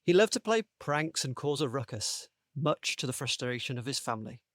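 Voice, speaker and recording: A man on a podcast panel reading out a comic made-up story, with a playful, deadpan delivery. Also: mid-range voice, fairly quick, no room sound, clean studio sound.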